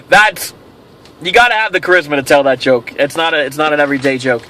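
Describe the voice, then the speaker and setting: A man's voice: fairly high pitch, a little fast, pushed and bright. A man hosting a casual question-and-answer vlog, rambling and telling jokes with self-amused delight. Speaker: host of a toy show.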